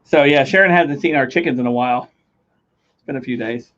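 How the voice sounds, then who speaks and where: A man's voice: mid-range voice, a little fast, a bit bright. A man co-hosting a casual home livestream, teasing his partner, laughing a lot and reading out chat comments. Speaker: livestream co-host. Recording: slightly dull lo-fi stream audio.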